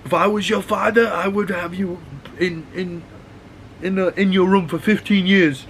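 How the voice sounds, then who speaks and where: A man's voice: high voice, fairly even intonation, normal speed, gravelly, a bit bright, slight background noise, voice pushed up. A man mocking a bossy scolding bully.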